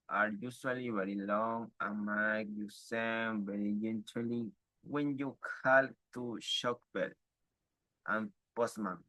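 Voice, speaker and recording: A man reading a text aloud for an exam, in a halting, stumbling way with restarts. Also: mid-range voice, pushed and bright, dry recording, highs cut off.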